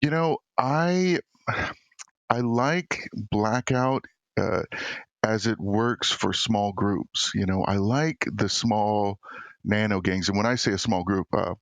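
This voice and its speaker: A man's voice: lowish voice, slow pace, no room sound. A man talking as a guest on a casual podcast, easygoing and full of fillers.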